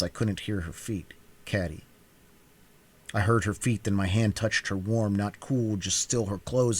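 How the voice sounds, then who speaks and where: A man giving a cold-read audiobook narration, reading in a measured, quiet and even way. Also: fairly low pitch. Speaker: reader.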